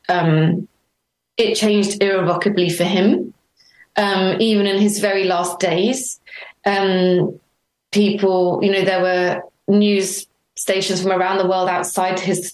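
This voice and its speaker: A middle-aged woman being interviewed, telling her story earnestly and warmly, acting out remembered dialogue. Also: medium pitch. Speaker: interview guest. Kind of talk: reflective conversational interview. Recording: roomy echo.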